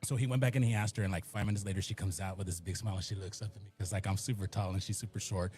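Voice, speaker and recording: Fast-talking man telling stories. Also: low-pitched, steady tone, darkish tone, soft background music. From Rio Grande Valley, Texas. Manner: fast, rambling storyteller acting out quotes. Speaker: musician and radio guest. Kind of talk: casual storytelling chat.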